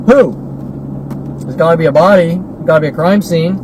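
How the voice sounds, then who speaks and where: A man's voice: on the high side, normal speed, long pauses. A man in his forties in an agitated, repetitive monologue full of rhetorical questions, recorded while driving. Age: 40s. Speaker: vlogger. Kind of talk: ranting monologue. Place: in a driving car. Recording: noisy car recording.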